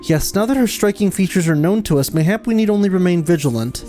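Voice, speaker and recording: A man's voice: high voice, expressive, quick pace, mellow, faint music behind. A man voicing an earnest young male noble scholar, reading dialogue aloud in an old-fashioned tone.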